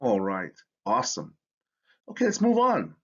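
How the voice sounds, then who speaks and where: A man's voice: mid-range voice, huge pitch swings, moderate pace, slightly rough, dull audio. A man teaching a spelling lesson, explaining with enthusiasm. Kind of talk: educational lesson.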